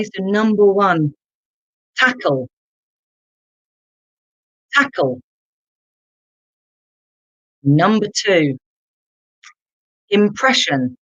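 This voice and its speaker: A very slow, deliberate English teacher leads a live online lesson. Key words are said twice for learners to repeat, and viewers in the chat are called on by name. The sound is dry and a little dull, like a lo-fi stream. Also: medium pitch, no echo. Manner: addresses viewers in the chat directly.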